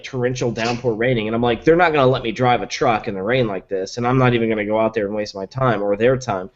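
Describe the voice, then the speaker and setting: A man's voice: mid-range voice, highs cut off. Enthusiastic man rattling off truck specs. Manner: enthusiastic, rattles off specs with many likes and ums. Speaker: podcast guest, truck reviewer. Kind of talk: casual podcast chat.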